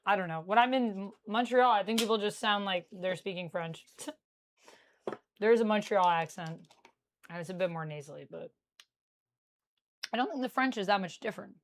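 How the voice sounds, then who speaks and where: A young Canadian woman bakes on a live stream, chatting casually with viewers and reading their comments aloud. Her medium-pitched voice moves at a moderate pace with frequent pauses, and there's a little hiss or hum.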